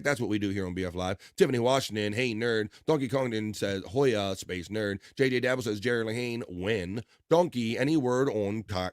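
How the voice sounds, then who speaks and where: A man hosting a livestream, reading viewers' chat messages aloud in an upbeat, playful way and riffing on their names. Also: mid-range voice. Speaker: livestream host.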